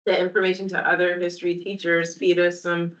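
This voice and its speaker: A woman leads a town committee meeting, asking follow-up questions in an orderly way. Her voice sits a little low and the recording sounds dull and muffled. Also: little pitch movement, fairly quick. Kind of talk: meeting discussion. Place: meeting room.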